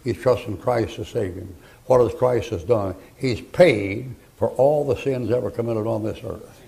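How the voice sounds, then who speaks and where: An older man preaching a sermon, telling folksy stories between loud bursts of preaching. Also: mid-range voice, creaky.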